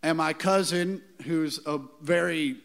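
A man's voice: a little high, fairly even intonation, slow pace, fairly bright tone. A man from Kansas chatting as a comedian guest on a live stage, telling a loose anecdote. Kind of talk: casual onstage chat.

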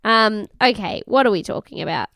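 Bright, crisp-voiced woman chatting casually. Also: mid-range voice, lively intonation, fairly quick, dry recording, clean studio sound. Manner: chatty, swears freely, acts out quotes. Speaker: podcast co-host. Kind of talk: casual chat recapping reality TV.

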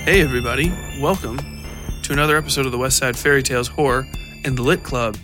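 A man, a podcast host and author, chats off the cuff on his own podcast, rambling with fillers and small self-conscious laughs. He talks fast at medium pitch with fairly even intonation, and music plays in the background.

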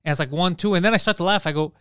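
A man's voice: high-pitched, racing, a bit bright, smooth, no echo, clean studio sound. A young man co-hosting a casual podcast, telling stories animatedly and laughing often. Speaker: podcast co-host.

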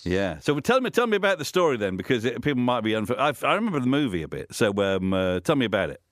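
A man's voice: medium pitch, very animated, fast talker, no echo, studio quality. A middle-aged man, a DJ hosting an interview show, jokey and rambling with frequent restarts. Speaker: radio DJ and podcast host. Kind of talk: casual interview chat.

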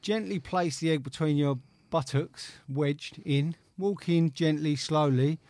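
A man, co-hosting a crude comedy podcast with deadpan banter. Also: fairly high pitch, measured pace, no room sound. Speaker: podcast co-host. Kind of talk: crude casual chat.

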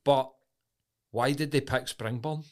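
A man's voice: mid-range voice, fairly even intonation, measured pace. A young Scottish man with a Glasgow accent, co-hosting a podcast and telling stories in casual, sweary banter. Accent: Scottish, Glasgow area. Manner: swearing, banter-heavy storytelling. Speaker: podcast co-host. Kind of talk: casual chat.

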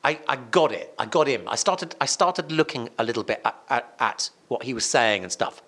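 Male radio host as podcast guest, mid-pitched, lively and emphatic, keeps restarting sentences. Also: normal speed. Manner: animated and emphatic, frequent restarts and repetitions. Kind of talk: casual conversational storytelling.

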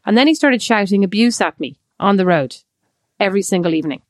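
An Irish woman co-hosting a podcast, spinning a story in lively casual chat full of quoted asides. Her voice sits at a middle pitch. The recording is dry and close. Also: fast, dry recording. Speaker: podcast co-host.

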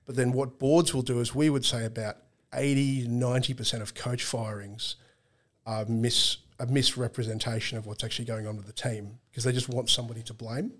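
A man talks sport in a relaxed podcast. He explains things in long runs, often restarts his sentences and slips in dry jokes. His voice sits at an ordinary middle pitch for a man. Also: brisk. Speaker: guest analyst on team performance. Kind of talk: casual podcast chat.

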